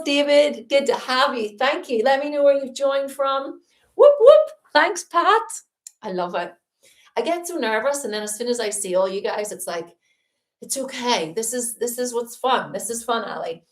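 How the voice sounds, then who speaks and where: Woman art teacher, live-stream lesson, chatty and upbeat, roomy echo. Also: on the high side. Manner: chatty, upbeat, greets viewers while explaining.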